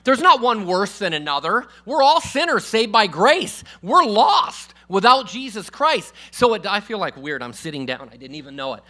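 A man preaching a sermon to a church congregation in a casual, emphatic way, calling out for amens and swinging from loud declarations to quiet asides. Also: sits high, big pitch swings, normal speed, hardly any pauses. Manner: calls for congregation responses. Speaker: guest preacher.

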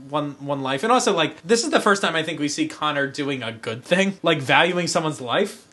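A man's voice: fairly high pitch, animated, a little fast, bright, forceful tone, slightly rough. A man co-hosting a podcast, giving a rambling scene-by-scene recap in casual film discussion. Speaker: podcast co-host.

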